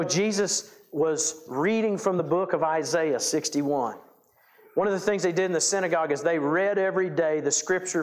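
A man preaches from the pulpit, spinning folksy ranch stories into his sermon. His voice sits a touch high for a man. He grows lively and animated as he acts out the scenes. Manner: folksy storytelling, animated when recounting. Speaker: pastor. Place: church sanctuary.

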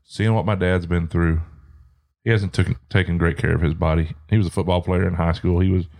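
A middle-aged man with a deep, low voice talks things over on a podcast. He speaks in an earnest, reflective way. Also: steady tone, brisk, gravelly, a little mellow. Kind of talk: casual chat.

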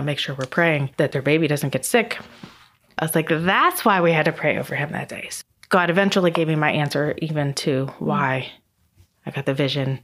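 A middle-aged woman sharing a personal faith testimony in a chatty, emotional way, laughing often. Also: low voice.

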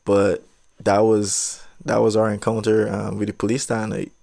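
A man's voice: fairly low pitch, completely flat delivery, moderate pace, vocal fry, mellow. A young man casually telling a personal story, rambling and drifting into side tangents. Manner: rambling, digressive, laid-back.

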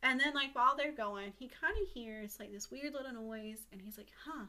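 A woman co-hosting a podcast, retelling a story in casual chat, swearing freely and acting out characters' lines in quick asides. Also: on the high side, sharp tone. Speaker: podcast co-host.

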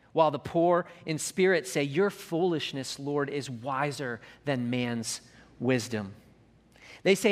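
A high-pitched man delivering a sermon from the pulpit. He reads scripture and hymn lines slowly and softly, then lifts his voice as he builds toward a climax. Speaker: pastor.

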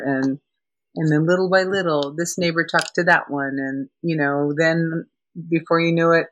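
An older woman, a podcast guest, telling animated stories in casual chat. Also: deep voice, normal speed, rough recording. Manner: animated storytelling with laughs.

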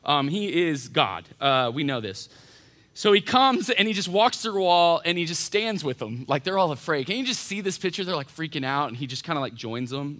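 A man, a college pastor giving an informal, animated sermon and acting out voices as he retells stories. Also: high voice, brisk. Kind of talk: casual sermon. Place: church hall.

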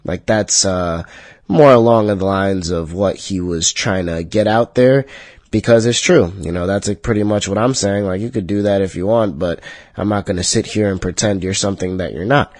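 A man hosting a solo podcast, talking in a profane, heated rant that jumps high and loud when he gets worked up. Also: normal speed, no echo. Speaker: podcast host.

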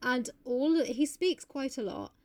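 A woman's voice: high voice, expressive, takes it slowly. A young woman co-hosting a casual book chat, chatty and full of fillers. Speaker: podcast co-host.

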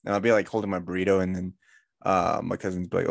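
A man's voice: on the low side, steady tone, brisk, creaky, no room sound, clean studio sound. A young man co-hosting a podcast, chatting casually, laid-back and chuckling, swearing now and then. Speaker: podcast co-host. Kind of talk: casual chat.

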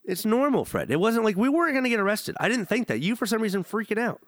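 A man's voice: high-pitched, big pitch swings, fast talker, fairly bright tone, dry recording. A young man co-hosting a podcast, telling rambling, profane stories in casual chat. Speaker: podcast co-host.

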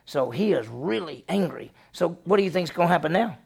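Gravelly pastor, animated preaching. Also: male voice, fairly high pitch, a little fast. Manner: animated storytelling, acting out the characters' lines. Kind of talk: sermon.

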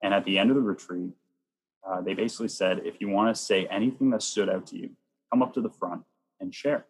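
A man who works as a Catholic youth minister, telling personal stories earnestly in a chatty way, sometimes rushing with excitement. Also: low voice, breathy edge, low-quality recording. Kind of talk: personal storytelling in an interview.

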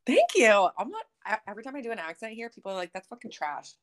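A young woman co-hosting a podcast over a remote call, joking deadpan and swearing casually. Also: fairly high pitch, fast. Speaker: podcast co-host. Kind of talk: casual chat.

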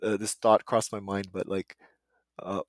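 A man's voice: on the low side, unhurried, no room sound, clean studio sound. Laid-back man hosting a podcast. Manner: laughs often, relaxed rambling anecdotes. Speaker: podcast host. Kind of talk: casual chat.

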